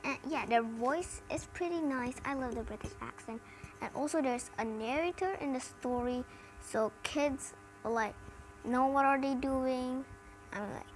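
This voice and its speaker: A woman's voice: sits high, unhurried, faint music behind, rough recording. A woman with an American accent chatting casually in a review video, rambling with many "like" fillers. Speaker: cartoon reviewer. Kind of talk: casual chat.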